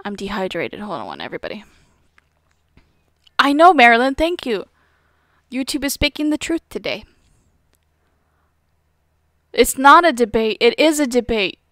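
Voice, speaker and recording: A woman's voice: on the high side, very animated, unhurried, pauses often, fairly bright tone, no echo, studio quality. A young woman streaming a retro game live, chatting with her chat in a playful, teasing way with mock outrage and frequent laughter. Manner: giggly, laughs often. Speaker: gaming streamer.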